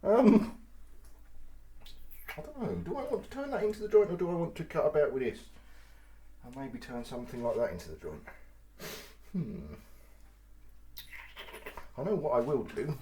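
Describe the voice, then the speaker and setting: A man chatting and swearing casually as he cuts meat in his home kitchen. He laughs often and gets loud and then quiet. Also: a little high, animated, moderate pace, long pauses, a little hiss or hum. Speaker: vlogger. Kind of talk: casual cooking vlog. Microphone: mic on the kitchen table.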